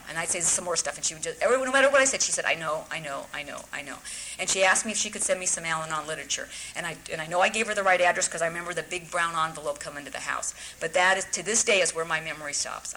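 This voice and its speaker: A woman's voice: on the low side, bright, forceful tone, a little hiss or hum, rough recording. A woman telling her own story at a recovery talk, wry and self-mocking, often restarting her sentences.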